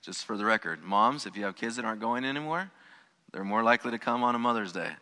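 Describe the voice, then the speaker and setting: A man's voice: fairly low pitch, quick pace, bright, forceful tone, long reverb tail. A man preaching a sermon as pastor, emphatic, stressing key words and repeating phrases for weight. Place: church sanctuary.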